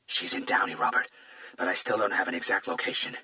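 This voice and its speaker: A man voicing a brisk tech analyst. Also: medium pitch, bright, forceful tone, pitched above the performer's own voice. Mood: urgent.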